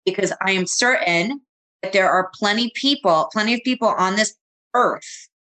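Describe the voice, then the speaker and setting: A woman co-hosting a podcast, introducing a guest earnestly with halting phrasing. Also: mid-range voice, pushed and bright, low-quality recording. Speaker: podcast co-host.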